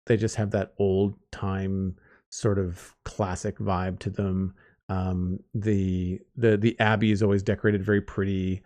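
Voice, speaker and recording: A man's voice: lowish voice, darkish tone. A man hosting a podcast roundtable, chatting casually and rambling with lots of restarts. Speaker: podcast host.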